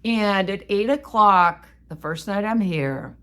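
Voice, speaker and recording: A woman co-hosting a podcast, telling a story in a casual, animated, self-mocking way. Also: medium pitch, takes it slowly, clean tone. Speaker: podcast co-host.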